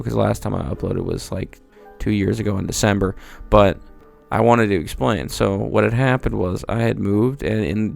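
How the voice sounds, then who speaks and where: A man's voice: lowish voice, vocal fry. A young man giving a profane, rambling comedic monologue with mock disbelief. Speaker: video creator.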